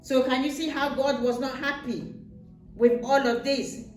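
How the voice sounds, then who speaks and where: A woman's voice: sits high, fairly even intonation, a little slow, faint music behind. Woman telling a Bible story in a roomy space. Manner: patient, explains with repetition. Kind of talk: simple storytelling for a child. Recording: roomy, distant mic with faint noise.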